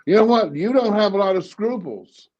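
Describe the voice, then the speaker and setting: A man's voice: high-pitched, animated, normal speed, darkish tone. Blunt Southern man, lo-fi sound. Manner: blunt, stammering restarts. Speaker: co-host, cartoonist. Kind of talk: casual political chat.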